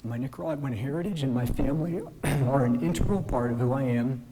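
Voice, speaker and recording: Speaking a little fast at a medium pitch, a forties-aged man gives his formal ceremonial speech as a new justice from a courtroom podium. He comes across as earnest and gently self-deprecating, captured in a low-quality recording with crowd noise.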